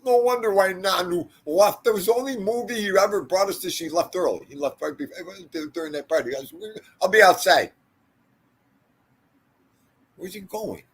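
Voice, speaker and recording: A man's voice: high voice, fairly quick, hardly any pauses, breathy edge. An older man hosting a casual livestream, rambling through stories and talking to viewers in the chat by name. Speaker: livestream host.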